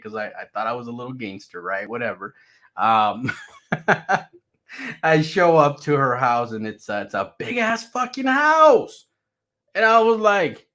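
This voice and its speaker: A man telling a personal story casually, loose and profane, tagging sentences with "right?". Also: medium pitch. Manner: profane, animated, rhetorical "right?" tags. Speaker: channel host telling his back story.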